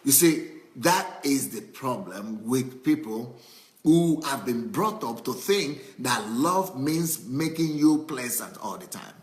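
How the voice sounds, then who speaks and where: Lively, echoey male preacher. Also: mid-range voice, slow. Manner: animated preaching with acted-out anecdotes and repetition. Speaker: pastor. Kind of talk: sermon.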